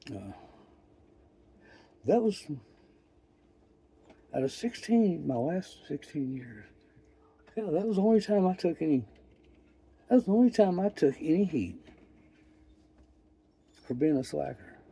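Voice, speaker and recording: An older man telling a rambling story in a profane, folksy, wry way, with pauses and restarts. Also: a little high, very animated, vocal fry, dark tone, breathy edge. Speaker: vlogger. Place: outdoors.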